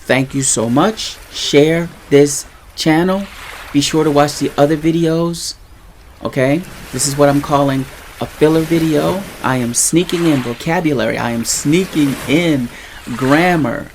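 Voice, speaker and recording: A friendly but plain teaching voice at a middle pitch, walking through examples one by one. The speaker often stops to check in with the listener. The delivery swings in pitch and loudness to stress key words. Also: a little slow, a little hiss or hum. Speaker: Spanish teacher. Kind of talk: casual teaching monologue.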